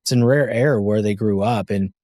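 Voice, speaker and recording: A man's voice: fairly low pitch, normal speed, warm tone, dry recording. A man hosting a podcast interview, enthusiastic and a little rambling, sharing stories about his son. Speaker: podcast host. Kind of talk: casual interview conversation.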